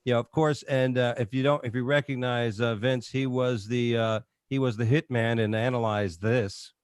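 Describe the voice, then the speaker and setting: A man's voice: medium pitch, steady tone, moderate pace, clear, resonant tone, no echo, studio quality. A man hosting a casual talk show, rambling with fillers and restarts. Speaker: show host.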